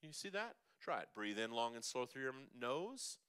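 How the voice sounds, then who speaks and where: A man's voice: mid-range voice, very animated, moderate pace, fairly bright tone, smooth. A man coaching a group through breathing and humming exercises, upbeat and coaxing, demonstrating the sounds himself. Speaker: vocal coach. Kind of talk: leading a group vocal workshop. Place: church hall.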